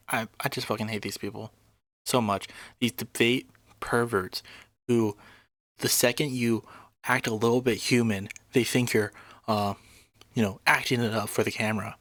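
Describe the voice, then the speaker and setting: A man's voice: mid-range voice, fairly even intonation, a little slow, pauses often, a bit bright, no echo. A man commenting casually on a debate clip, indignant and swearing freely. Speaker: reaction video host.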